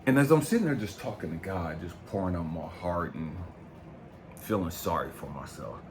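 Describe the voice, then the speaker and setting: A man in his fifties, a life coach giving a blunt, profane motivational talk. He swings from low brooding to loud, fired-up preaching. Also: animated, moderate pace, noisy background. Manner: blunt and profane, keeps asking "you know what I mean". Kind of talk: impassioned motivational monologue.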